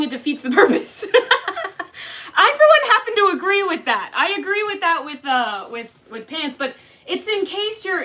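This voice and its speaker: A woman's voice: sits high, bright, forceful tone. A woman livestreamer reading and answering chat in a jokey, crude, casual way. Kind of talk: casual live-stream chat.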